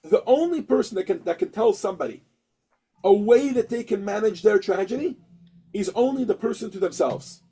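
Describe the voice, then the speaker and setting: Male teacher with a high, husky voice; lively storyteller who acts out each character. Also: a little fast, low-quality recording. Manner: animated storyteller acting out characters, frequent restarts. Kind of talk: storytelling lesson.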